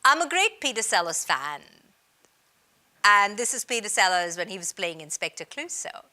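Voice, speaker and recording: A woman from India giving a recorded business training presentation in a lively, emphatic teaching style. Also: mid-range voice, normal speed. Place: based in Australia.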